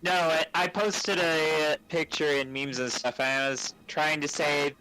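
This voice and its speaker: A man playing a tabletop game over voice chat, chatty and quick to laugh at himself. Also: a little high, steady tone, bright, forceful tone, a little hiss or hum, rough recording. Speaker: player. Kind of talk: casual tabletop play.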